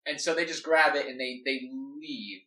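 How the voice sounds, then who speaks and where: A man's voice: medium pitch, moderate pace, bright, forceful tone. A man talking through a story plan casually, rambling and filling gaps with "like". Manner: rambling, full of "like". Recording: echoey room, mic at a distance.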